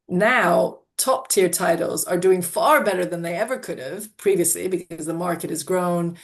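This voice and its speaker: A woman's voice: on the low side, vocal fry. A woman publisher answering interview questions thoughtfully, often restarting and hedging her sentences. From half American, not Australian. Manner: thoughtful, with frequent restarts and hedges. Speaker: audiobook publisher.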